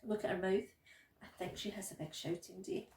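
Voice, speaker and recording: A woman who works at a nursery, reading a picture book aloud to young children in a gentle, expressive way. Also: medium pitch, brisk, echoey room, far from the mic, rough recording. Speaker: nursery practitioner.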